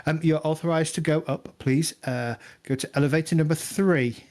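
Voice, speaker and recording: A man's voice: fairly high pitch, steady tone, moderate pace, darkish tone, voice pushed up, close to an everyday voice. A man doing a courteous hotel concierge lady. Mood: polite. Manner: formal, courteous, hesitant.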